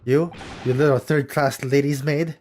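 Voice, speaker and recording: A man's voice: a little high, steady tone, a little slow, a little mellow, slight background noise, pitched above the performer's own voice, lightly acted. Man reading a surly ship's guard in game dialogue, put-on Russian accent, clipped and scornful. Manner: broken English, curt and scornful. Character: burly gruff male sailor, surly guard.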